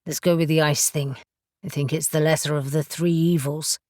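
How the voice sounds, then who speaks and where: A woman narrating an audiobook voices a serious, knowledgeable male witch who explains things in a measured way. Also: low voice, steady tone, darkish tone, no room sound, clean studio sound, voice pushed down, close to an everyday voice. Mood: wry. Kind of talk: audiobook character voice.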